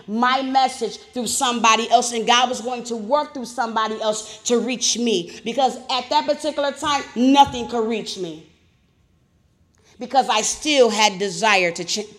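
A woman giving a personal recovery testimony at a meeting. She talks in an animated, informal way and swings from loud emphasis to quiet reflection. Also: on the high side. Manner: animated storyteller, loud and soft by turns; informal, colloquial grammar.

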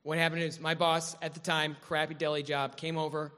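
A man's voice: fairly high pitch, flat delivery, fairly quick, bright, forceful tone, smooth. A man candidly telling his own recovery story to a meeting, self-mocking and frank. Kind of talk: personal recovery testimony to a meeting. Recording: echoey hall reverb.

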